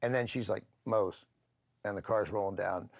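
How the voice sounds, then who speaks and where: A man's voice: fairly low pitch, steady tone, fast talker, vocal fry, no room sound. A man hosting a casual film discussion, chatty with many fillers as he retells scenes. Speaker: film channel host.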